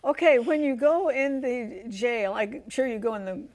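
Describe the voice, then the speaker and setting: A woman's voice: fairly high pitch, moderate pace, a little mellow. Emphatic woman hosting a Christian talk show. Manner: emphatic, leading questions, sympathetic asides.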